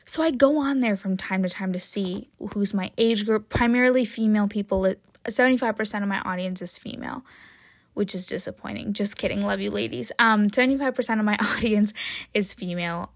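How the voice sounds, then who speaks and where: A woman hosting her own podcast in a casual, jokey chat, often tagging "right?" and "um", with sudden excited jumps in pitch and loudness. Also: fairly quick, no room sound, clean studio sound. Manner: chatty and jokey, with frequent "right?" and "um". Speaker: podcast host.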